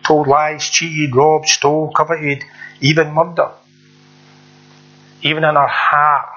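Brief: earnest male preacher, high and bright voice, plain repetitive delivery, dull lo-fi recording. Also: flat delivery, slow. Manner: earnest, repetitive, conversational preaching with rhetorical questions. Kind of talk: sermon.

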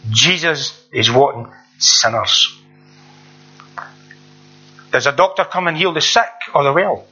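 Brief: earnest male preacher, high and bright voice, plain repetitive delivery, dull lo-fi recording. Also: lively intonation, slow pace, slightly rough. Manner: earnest, repetitive, conversational preaching with rhetorical questions. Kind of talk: sermon.

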